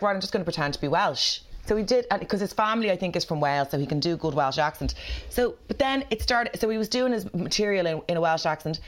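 A woman co-hosting a podcast, telling gossipy stories in casual chat. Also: fairly low pitch. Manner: chatty, gossipy storytelling. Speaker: podcast co-host.

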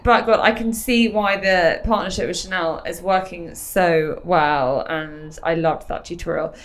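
An enthusiastic woman hosts a casual interview. She gushes over her guest and swears freely in relaxed conversation. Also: on the low side, unhurried. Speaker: podcast host.

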